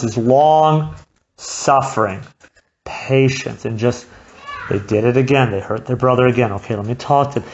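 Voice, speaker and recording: A woman's voice: very deep voice, lo-fi sound. A woman preaching a sermon at a church gathering, talking in a conversational way and acting out the voices she quotes.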